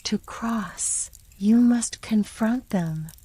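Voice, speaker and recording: A woman voicing an ancient, wise, unseen river spirit in a slow, hushed whisper, as whispered role-play. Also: on the high side, breathy edge, exaggerated voice, poor audio. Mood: solemn.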